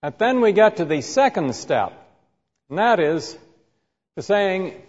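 A man teaching a sermon who reads scripture aloud and then explains it, slowly and deliberately, acting out quoted insults vividly. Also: sits high, big pitch swings. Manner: slow and deliberate. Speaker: Bible teacher. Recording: muffled, reverberant hall recording.

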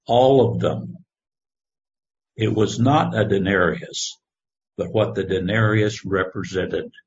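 A man preaching a sermon, reading scripture in a slow, measured way. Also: deep voice. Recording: dull lo-fi recording.

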